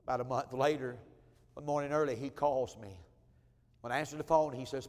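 A man's voice: mid-range voice, fairly even intonation, brisk, darkish tone, in a large hall. A man, a pastor telling a personal story in a sermon with heartfelt, emotional repetition. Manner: heartfelt, emotional telling with many repeated phrases. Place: church sanctuary.

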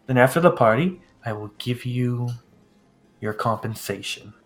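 A man voicing a pompous, fussy noble lord in a tabletop game, talking in a slow, theatrical aristocratic drawl. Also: medium pitch, lightly acted. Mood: insistent.

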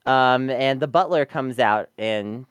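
A podcast co-host recapping a show with a smooth, clear voice. The talk is wry, casual and full of laughter. The mic is close and dry. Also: mid-range voice, takes it slowly, dry recording. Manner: wry, laughing, sums up the plot. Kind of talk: casual review chat.

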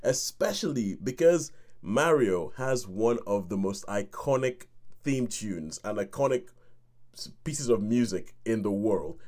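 A man's voice: on the low side, lively intonation, a little slow, darkish tone. A man hosting a film review podcast, chatting casually, laughing often and acting out his own reactions. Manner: chatty, laughing, acts out reactions and hums tunes.

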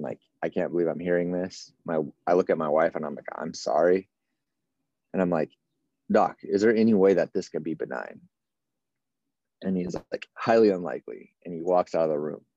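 A man's voice: low voice, normal speed, mellow, no room sound, highs cut off. A man in his thirties, a firefighter, telling a long personal story casually and acting out the exchanges he had with the people around him. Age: 30s. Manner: casual, run-on retelling with many quoted exchanges. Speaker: firefighter guest. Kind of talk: storytelling in an interview.

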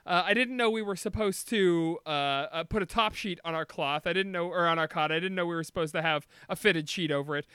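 Bright, high-voiced man in banter. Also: clean tone, no room sound, clean studio sound. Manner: playful, quick with improvised bits. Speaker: podcast host. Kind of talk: casual comedic banter.

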